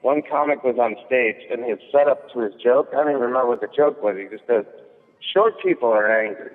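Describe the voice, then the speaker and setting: A man's voice: mid-range voice, quick pace. A male comedian chatting casually, telling a rambling story with many fillers and restarts. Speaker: guest comedian. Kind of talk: casual chat. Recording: thin phone-like sound with long echo.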